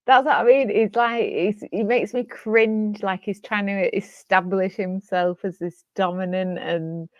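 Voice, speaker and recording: A woman's voice: medium pitch, fairly even intonation, unhurried, hardly any pauses, no echo. A British woman co-hosting a casual chat, blunt and dismissive, laughing often. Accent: British English. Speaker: co-host. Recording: dull lo-fi dry sound.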